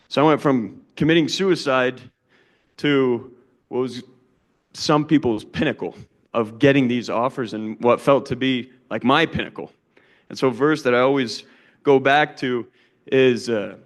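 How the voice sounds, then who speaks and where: Young man, conference speaker, earnest first-person storytelling, mid-pitched, casual fillers. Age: young adult. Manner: earnest, plain-spoken storytelling with frequent "um" and "you know". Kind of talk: personal testimony talk.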